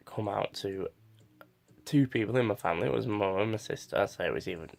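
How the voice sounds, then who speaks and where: Gravelly low-voiced young man, halting storyteller. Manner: halting, many restarts and fillers. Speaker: vlogger. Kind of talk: personal storytelling to camera.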